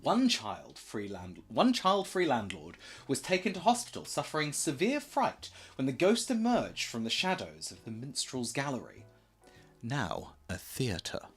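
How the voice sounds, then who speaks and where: A man's voice: medium pitch, wildly swooping pitch, unhurried, a bit bright, husky, soft background music. A man giving a casual, rambling slideshow presentation for a charity stream, full of jokey asides and self-corrections.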